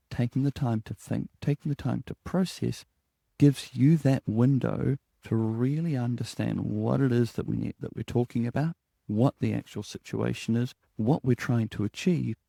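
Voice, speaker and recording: Calm gravelly-voiced New man. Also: mid-range voice, no room sound. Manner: calm, measured, deliberate with downward inflection. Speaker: HR coach and podcast host. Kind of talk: spoken HR lesson.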